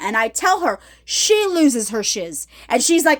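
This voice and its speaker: A woman with a high-pitched voice tells her story straight to her viewers in a casual ministry vlog. She speaks emphatically and keeps pausing to ask if they are still with her. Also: very animated, fairly bright tone. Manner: emphatic, addresses viewers directly with repeated check-ins. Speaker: ministry vlogger.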